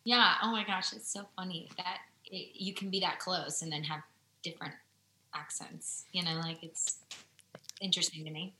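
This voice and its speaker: A woman's voice: lowish voice, fairly even intonation, bright, forceful tone, roomy sound, slight background noise, low-quality recording. A woman from the American Midwest with a Midwestern accent, a guest artist chatting casually, upbeat and full of "like". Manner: upbeat, fast, lots of "like" and laughs. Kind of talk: casual chat on a live stream.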